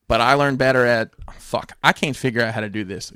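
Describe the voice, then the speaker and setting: A man's voice: medium pitch, fairly quick, hardly any pauses, a bit bright, smooth, no room sound, clean studio sound. A man in rambling casual podcast chat, swearing casually.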